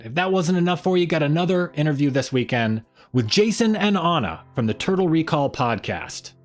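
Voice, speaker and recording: A man hosting a casual weekly livestream, rambling loosely and greeting viewers in the chat by name. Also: a little high. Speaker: livestream host.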